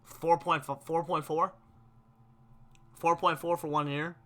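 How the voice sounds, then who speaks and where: Young male live-stream host, excitable and opinionated, bright tense tone. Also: fairly high pitch, takes it slowly. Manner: animated, gets worked up, reads chat questions aloud. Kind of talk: casual live-stream hockey chat.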